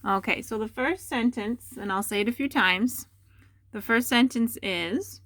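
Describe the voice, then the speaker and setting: Young woman teacher, patient, unhurried dictation, dry close sound. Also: fairly high pitch, a bit bright, no room sound. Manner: slow, deliberate dictation with repeated words. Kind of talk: dictating a spelling test for remote students.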